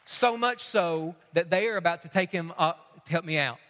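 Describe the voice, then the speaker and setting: A man's voice: on the high side, normal speed, fairly bright tone, big-room sound, some chatter behind. A man preaching a sermon as pastor, emphatic and fond of repeating his questions for effect.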